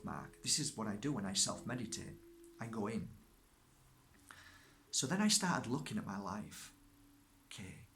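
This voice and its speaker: A man speaks as a spiritual teacher in a slow, deliberate self-help talk, repeating his points with emphasis. His voice is bright and forward, and there is faint noise behind him. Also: on the low side, vocal fry. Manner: emphatic, repetitive, rising to fervent.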